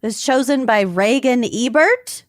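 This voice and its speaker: A woman's voice: fairly high pitch, lively intonation, a little slow, dry recording, clean studio sound. A woman from the Upper Midwest co-hosting a podcast, chatting casually and giggling often. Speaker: podcast co-host. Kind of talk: casual chat.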